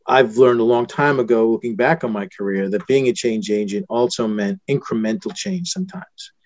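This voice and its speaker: Middle-aged male host, halting and earnest, dull dry lo-fi audio. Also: mid-range voice, darkish tone, no echo. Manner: earnest, searching, halting phrasing. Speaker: podcast host. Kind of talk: interview questions.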